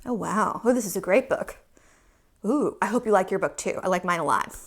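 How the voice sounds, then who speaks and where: A woman from Michigan teaching yoga to young children, playful and animated as she talks to small kids. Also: mid-range voice, a little fast.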